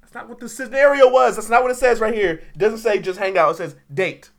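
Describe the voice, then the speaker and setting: A man's voice: high-pitched, quick pace, gravelly. A man in casual chat, teasing in a dry, mock-indignant way.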